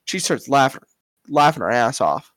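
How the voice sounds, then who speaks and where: A man's voice: medium pitch, very animated, moderate pace, fairly bright tone, dry recording. Crude, offhand young man chatting. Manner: crude, offhand, swears a lot. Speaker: podcast co-host. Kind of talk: casual chat.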